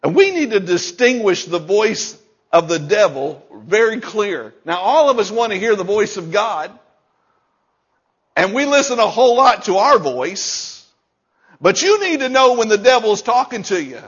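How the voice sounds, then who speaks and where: A man's voice: sits high, very animated, unhurried, fairly bright tone, breathy edge, muffled recording. A male pastor preaching a sermon, emphatic and repeating key lines, chuckling between points.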